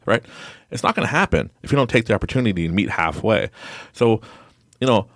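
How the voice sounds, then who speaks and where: Man, podcast host, rambling casual chat, lively swinging pitch, dry close sound. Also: brisk, no room sound. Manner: rambling, animated storyteller who laughs often.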